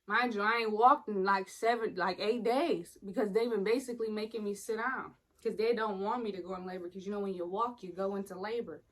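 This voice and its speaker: A woman's voice: medium pitch, steady tone, a little fast, hardly any pauses, a bit bright, rough recording. A young woman, casually telling the story of a painful hospital stay, blunt and profane, acting out the other people in it.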